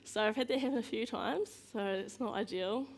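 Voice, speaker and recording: A woman with a slightly high, creaky voice gives a casual talk as a guest speaker. She tells self-mocking stories, laughs often and acts out other people's lines in quick voices.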